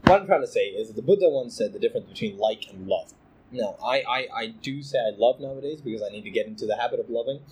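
A young man in casual chat, animated and joking, who swears freely. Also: mid-range voice, fast, breathy edge, poor audio.

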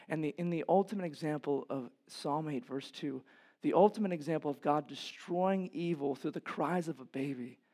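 A man with a somewhat high voice delivers a sermon from the pulpit of a church. He preaches with passion, climbing to loud, emphatic peaks before sinking into quiet, low passages. He keeps the congregation with him through rhetorical questions. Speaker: pastor.

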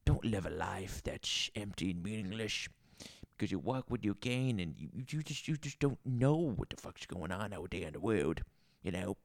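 A man's voice: on the low side, animated, normal speed, gravelly, no echo, clean studio sound. A man voicing a crude, rambling male bar owner with a put-on Southern accent who swears a lot. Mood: rambling, preachy. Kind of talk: improvised character comedy.

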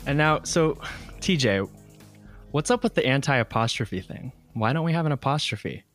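A man's voice: medium pitch, lively intonation, moderate pace, fairly bright tone, faint music behind. A man hosting a comedic podcast, telling stories in a joking, rambling way with frequent ums. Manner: joking, storytelling, frequent laughs and filler ums. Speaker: podcast host. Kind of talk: casual comedic podcast chat.

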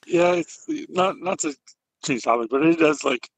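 A man's voice: fairly high pitch, normal speed, no room sound, rough recording. A man co-hosting a casual chat, chiming in with short remarks and laughter. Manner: brief, laughing interjections.

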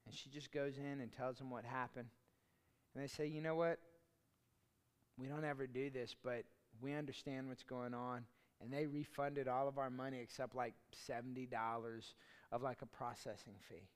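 A man's voice: medium pitch, fairly even intonation, normal speed, smooth. A man preaching a sermon as pastor, in a conversational, storytelling way with chatty asides.

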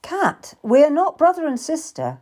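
A woman's voice: sits high, measured pace, pitched above the performer's own voice, heavily acted. A woman reading an earnest young Tudor suitor. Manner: calm, tender and earnest.

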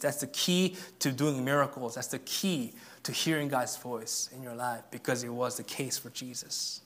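A male pastor preaching a sermon in an earnest way, dropping to a hush and then rising to emphatic peaks. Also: mid-range voice, steady tone, normal speed. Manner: earnest, swings from hushed to emphatic.

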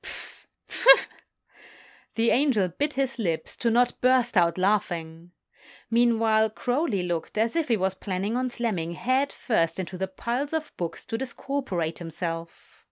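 Woman reading a story out loud, slow and sing-songy, lots of pitch movement. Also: expressive. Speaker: fan fiction reader.

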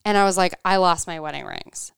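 A woman's voice: on the low side, a little fast, creaky, clean tone, no echo, studio quality. A woman in her thirties, a podcast co-host, telling a story in casual chat and acting out the dialogue with animation. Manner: animated, acts out quoted dialogue.

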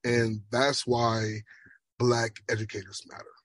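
Chicago guy w a bit of jamaican accent, earnest emphatic answers, slightly raspy, dry close sound. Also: medium pitch, little pitch movement, dry recording. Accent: Jamaican-influenced Chicago. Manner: emphatic, measured, slows for emphasis. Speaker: speech language pathologist guest.

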